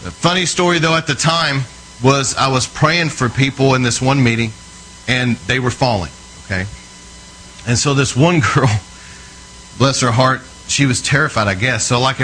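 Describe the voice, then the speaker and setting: A man's voice: medium pitch, fairly bright tone, a little hiss or hum, rough recording. A man preaching a sermon in a conversational, storytelling way, often checking in with his listeners, earnest and emphatic.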